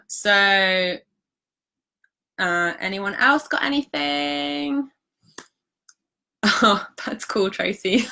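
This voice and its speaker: A woman talks casually into her live-stream mic, her voice bright and clear. She sounds reassuring and chatty, filling her sentences with "like" as she answers viewers. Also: mid-range voice. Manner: chatty, reassuring, many fillers like "like". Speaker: holistic practitioner hosting a live stream.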